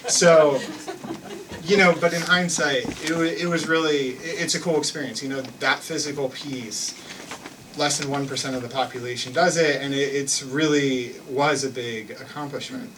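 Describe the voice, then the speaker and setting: A man's voice: fairly high pitch, steady tone, moderate pace, far from the mic, background noise. A young man telling a personal story on stage in a loose, self-mocking way, full of restarts and fillers. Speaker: live storyteller. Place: theater stage with an audience.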